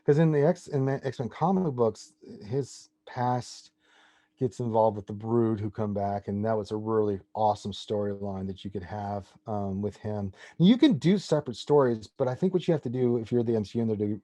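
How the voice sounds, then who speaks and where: Forties male guest, casual and rambling, warm mellow timbre, dry close sound. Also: lowish voice, moderate pace, no echo. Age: 40s. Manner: enthusiastic comic-book fan, rambling. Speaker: podcast guest. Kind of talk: casual chat.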